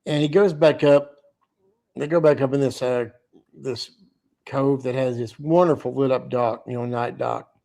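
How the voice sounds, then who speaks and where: Guy on a late live stream, gravelly, yawny, kinda rambly. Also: mid-range voice, fairly even intonation, moderate pace, a little mellow. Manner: rambling, swears freely, reads chat aloud. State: tired and yawning. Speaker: livestream host. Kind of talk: casual live-stream chat.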